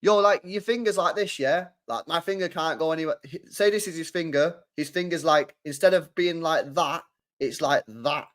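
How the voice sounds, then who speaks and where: Young man, football watchalong streamer, excitable, loud reactive outbursts. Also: a little high, moderate pace. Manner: excitable, shouting groans of disgust. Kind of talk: live football watchalong commentary.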